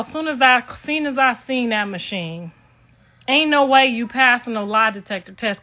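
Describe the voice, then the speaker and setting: A woman's voice: a little high, bright, forceful tone. An older woman ranting to her viewers in a brash, profane, casual way. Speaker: online commentator.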